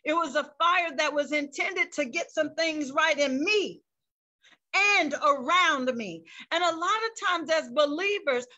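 Over a video call, a woman pastor delivers a fervent sermon, her high, sharp voice muffled by the recording. She keeps breaking into praise as she preaches, scattering interjections throughout.

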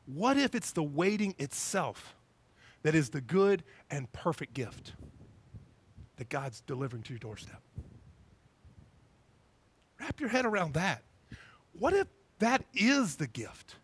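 A male pastor preaching a sermon in a church, animated and acting out little scenes in different voices. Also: a little high, a little slow, pauses often, breathy edge.

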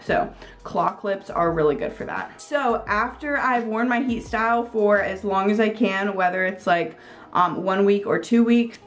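A woman vlogger giving a casual product review, chatty and upbeat, with plenty of "like" and "um". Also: mid-range voice. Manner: chatty, filler-heavy with frequent "like" and "um"; upbeat, gushing. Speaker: beauty vlogger.

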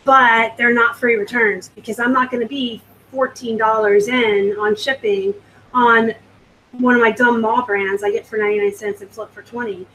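A woman's voice: on the high side, fairly even intonation, normal speed, sharp tone, slight background noise, rough recording. A woman from the US West Coast hosting a live stream. She reads out viewer comments and chats about her selling in a rambling, casual way. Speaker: host.

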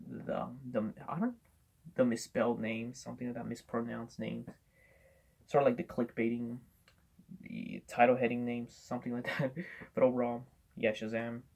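Man, casual rambling movie reviewer, quick delivery, husky gravelly voice, curses a lot. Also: medium pitch. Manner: rambling, swears a lot, many fillers and restarts.

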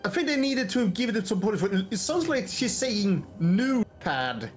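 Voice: medium pitch, expressive, normal speed, faint music behind. Thoughtful stream co-host critiquing a game. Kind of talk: casual gameplay commentary. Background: game audio.

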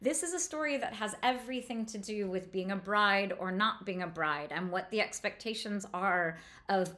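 Woman, literature lecturer, enthusiastic close reading, mid pitch, slows for quoted passages. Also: pushed and bright.

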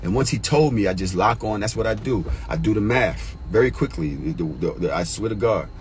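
Animated, profane man telling a story. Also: a little fast, a little hiss or hum, low-quality recording. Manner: animated, profane, jumps to high excited pitch when worked up; emotional, gets choked up. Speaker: storyteller vlogger. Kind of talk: casual personal storytelling.

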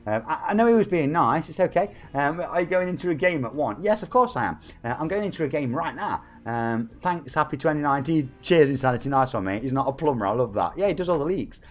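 A man's voice: fairly high pitch, expressive, fast, hardly any pauses, soft background music. A man, chatting and joking with viewers as a game streamer. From England. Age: 40s. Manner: chatty, jokey, reads out viewer messages. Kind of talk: live-stream chat with viewers.

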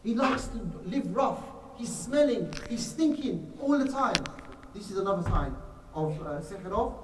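A man's voice: very high voice, a little hiss or hum. Man preaching in an echoey hall. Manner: addresses listeners as brothers, acts out little scenes. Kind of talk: religious lecture to a congregation. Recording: echoey hall recorded from far off.

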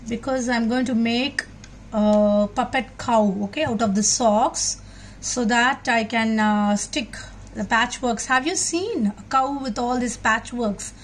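Slow, patient woman teaching kids crafts. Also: a little high, slight background noise. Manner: slow, patient, addresses children with questions. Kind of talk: children's craft demonstration.

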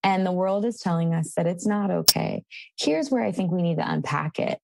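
A woman's voice: lowish voice, normal speed, gravelly, darkish tone, no room sound. A woman hosting a podcast who speaks in an affirming, emphatic way. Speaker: podcast host. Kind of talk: casual interview talk.

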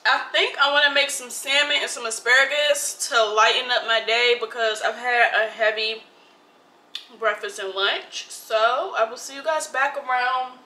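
She speaks at a normal speed with fairly even intonation, her slightly high voice sounding pushed and bright. The young woman is a food vlogger casually chatting with viewers as she cooks and eats in her home kitchen, in a playful, talkative mood. Her phone recording is rough and reverberant.

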